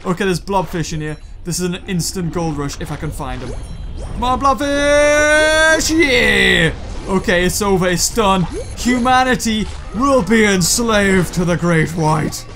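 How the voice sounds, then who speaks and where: A man hosting a gaming video, chatting and joking excitedly to his viewers while he plays. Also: high-pitched, moderate pace, hardly any pauses, soft background music. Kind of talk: let's play commentary.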